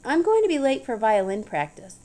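A woman's voice: a little high, very animated, a little fast, darkish tone. A woman voicing a polite, earnest young boy in an audiobook.

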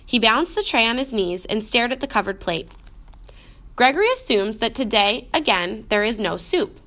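A woman narrating a children's storybook in a clear, expressive way. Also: fairly high pitch, normal speed. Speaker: audiobook narrator.

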